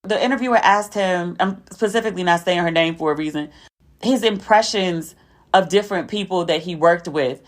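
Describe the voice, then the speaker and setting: Chatty woman host telling stories. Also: a little fast. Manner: chatty storytelling, acting out quotes with a raised pitch. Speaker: podcast host. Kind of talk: casual chat.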